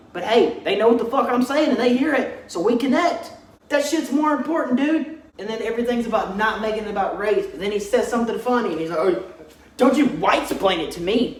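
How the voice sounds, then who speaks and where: A man's voice: very high voice, a little hiss or hum. A young man ranting bluntly and mockingly in a vlog, swearing constantly. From Texas. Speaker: vlogger. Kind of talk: profane ranting commentary. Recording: roomy echo, distant mic.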